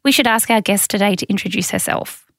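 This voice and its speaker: A woman's voice: mid-range voice, fast, a bit bright, no echo, clean studio sound. A woman co-hosting a podcast, upbeat, chatty and teasing. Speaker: podcast co-host. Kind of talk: casual chat.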